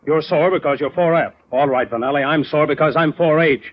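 A stern, lecturing company boss with a fairly high voice, played by an actor, dry and sarcastic when pushed. The sound is dull and lo-fi, like an old radio broadcast. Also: male voice, fairly quick, a little hiss or hum, close to an everyday voice. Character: Mr. Evans, a gruff, principled male boss. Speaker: insurance company owner. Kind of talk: 1940s radio acting.

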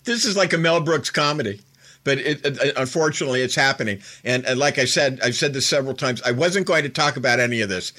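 A man's voice: on the high side, sharp tone. A man hosting a political commentary show, recounting an interview in a casual, incredulous and mocking way, laughing as he goes.

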